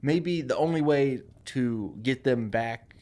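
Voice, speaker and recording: A man co-hosting a comedy podcast, pitching movie ideas in a loose, playful way. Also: takes it slowly, a little mellow. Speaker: podcast co-host. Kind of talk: casual comedy brainstorming.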